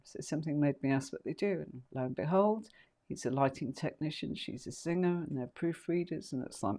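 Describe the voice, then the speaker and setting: A woman's voice: low-pitched, brisk, warm tone. A woman teaching tarot on a casual live stream, chatty and rambling, full of fillers and asides.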